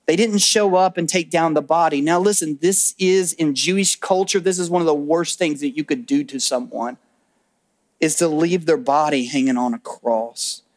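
A man preaching a sermon as pastor, animated in his storytelling and dropping to a hush on key words. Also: fairly high pitch, normal speed. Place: church auditorium.

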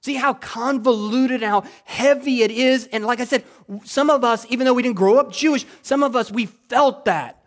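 A male pastor preaching a sermon in a church, moving from quiet reflection to loud, exclamatory passages. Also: very high voice, normal speed. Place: church sanctuary.

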